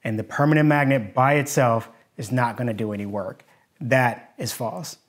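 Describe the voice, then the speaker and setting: A man's voice: mid-range voice, normal speed. A man teaching in a video lesson, plainspoken and skeptical as he picks apart hoaxes. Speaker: engineering YouTuber.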